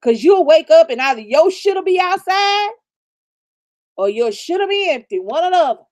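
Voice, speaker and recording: A woman's voice: extremely high pitch, animated, normal speed, no echo, studio quality. A woman giving blunt, profane relationship advice in a casual live chat, laughing often. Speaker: livestream co-host.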